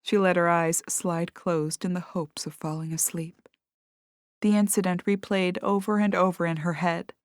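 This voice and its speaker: A woman narrating a cozy mystery audiobook in a measured storytelling manner. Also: fairly low pitch, steady tone, no room sound, studio quality. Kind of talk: scripted narration.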